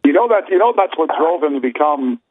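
A man's voice: a little high, lively intonation, brisk. A man co-hosting a podcast in easygoing, teasing casual chat. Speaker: podcast co-host. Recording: dull lo-fi line.

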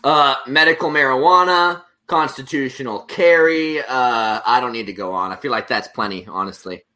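A man's voice: medium pitch, moderate pace, sharp tone. A man chatting casually as a podcast guest, easygoing and joking.

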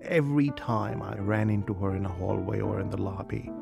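A man who works at a hotel reflects gently in a documentary interview. His voice is gravelly, and a music bed plays underneath. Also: fairly low pitch, a little fast. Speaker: hotel worker.

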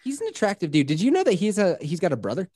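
A Colorado man in his thirties hosts a podcast, racing through a profane, rambling story and laughing along with himself in casual storytelling chat. His voice sits high with a dark tone and wildly swooping pitch, on a dry recording.

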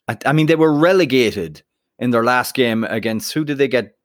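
A man's voice: medium pitch, normal speed, no echo, clean studio sound. A man co-hosting a football podcast in casual chat, talking in loose bursts with restarts. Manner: chatty, lots of restarts and fillers. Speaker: podcast co-host.

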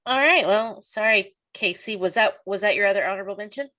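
A woman's voice: medium pitch, a little fast, pushed and bright. A young adult woman hosting a casual podcast chat, laughing often and acting out quoted lines in a raised voice. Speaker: podcast host.

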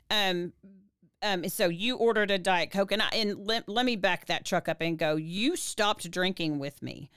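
Woman co-host, smooth clear voice, dry close sound, animated chatty storyteller. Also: no room sound. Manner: animated, many restarts, pitch rises when reliving tears. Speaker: podcast co-host. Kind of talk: casual storytelling to her husband.

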